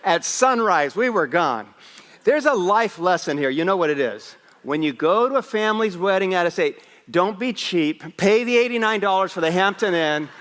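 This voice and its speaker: A man preaching a Christmas Eve sermon as a pastor, telling a lively personal story with asides. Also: high voice, big-room sound. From West Africa. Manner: animated storyteller, raising his voice for punchlines. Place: church sanctuary.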